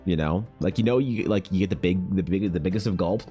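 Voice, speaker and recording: Deep-voiced man streamer, rambling profane banter, faint music under. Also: brisk, warm tone. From Canada. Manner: rambling, joking, profane, with many restarts. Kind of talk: casual live-stream chat while drawing.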